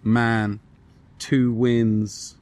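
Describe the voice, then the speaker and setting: A man's voice: mid-range voice, flat delivery, drawn-out words, darkish tone. A young man, chatting casually on a podcast, laid-back and reassuring, swearing casually, recorded outdoors by a railway track. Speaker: podcast co-host. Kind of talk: casual chat.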